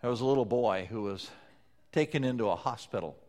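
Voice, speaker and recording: A man preaching a sermon, swinging between loud pleading passages and soft, low-spoken lines. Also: fairly quick. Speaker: pastor.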